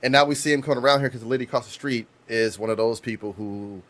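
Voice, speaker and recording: Swearing casually and restarting often, this thirtysomething podcast co-host meanders through his stories. He talks fast in a medium-pitched, slightly bright voice.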